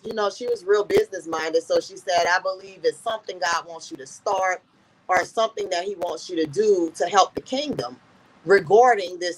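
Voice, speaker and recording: A woman's voice: on the low side, rough recording. Earnest woman retelling a painful story. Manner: earnest, repeats "I said" while retelling conversations. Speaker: interview guest. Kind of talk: personal storytelling.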